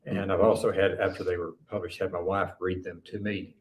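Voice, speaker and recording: Very low male guest, middle tennessee drawl, unhurried and hesitant, faint background hiss. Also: flat delivery. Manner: slow, easygoing, hesitant. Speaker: guest author. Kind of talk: casual interview chat.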